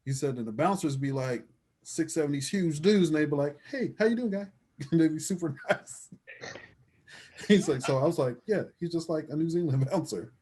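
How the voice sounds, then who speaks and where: A man's voice: on the high side, normal speed, dark tone, breathy edge. A man co-hosting a casual podcast, laughing often and quoting characters as he retells scenes. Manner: laughing, quotes characters in funny voices. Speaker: podcast co-host. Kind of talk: casual chat.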